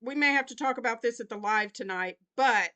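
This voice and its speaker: A woman's voice: fairly high pitch, fairly quick, pushed and bright. A middle-aged woman chatting casually while unboxing gifts in a crafting vlog, often breaking into helpless laughter. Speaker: crochet vlogger.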